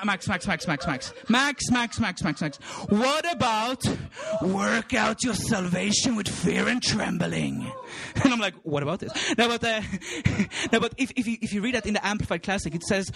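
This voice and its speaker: Very high-voiced exuberant male preacher. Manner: exuberant, laughing often, repeating words, shouting at peaks. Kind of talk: sermon.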